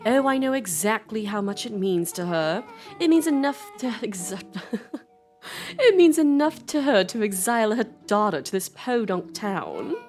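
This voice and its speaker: A woman's voice: mid-range voice, animated, measured pace, darkish tone, faint music behind, lightly acted. A woman voicing a sulky, sarcastic teenage girl in a story game.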